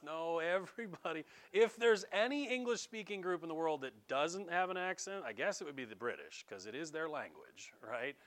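Animated American male pastor. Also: a little high, moderate pace, hardly any pauses. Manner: animated, conversational, mimics accents. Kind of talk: sermon.

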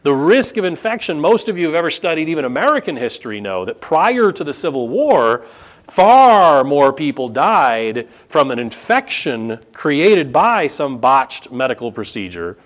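A male pastor preaching a sermon, emphatic and repeating key phrases for stress. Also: mid-range voice.

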